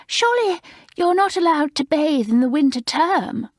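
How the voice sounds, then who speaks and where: A woman's voice: high voice, lively intonation, moderate pace, no echo, pitched above the performer's own voice. A woman voicing Maureen, an eager, boastful new schoolgirl in an audiobook, speaking breathlessly.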